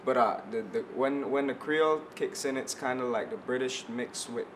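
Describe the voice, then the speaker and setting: A man's voice: mid-range voice, moderate pace, a little hiss or hum. A young man from Belize, a musician guest on a radio talk show, chatting easily and often restarting as he searches for words. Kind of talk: casual radio interview.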